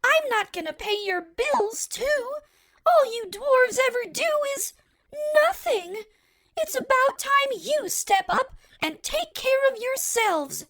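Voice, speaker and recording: A whiny, spoiled young princess squeals at a very high pitch with a gravelly, crackling edge. She drags out her complaints slowly and indignantly. The sound is dry and close, with no room around it. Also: sing-song, pushed and bright, no room sound, exaggerated voice. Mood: furious. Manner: shrill and indignant. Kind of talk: audiobook character acting.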